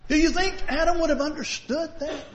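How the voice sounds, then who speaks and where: A man's voice: very high-pitched, steady tone, fairly quick, slight background noise. A male pastor giving a sermon, preaching in a conversational way and asking the congregation many rhetorical questions. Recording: dull lo-fi recording.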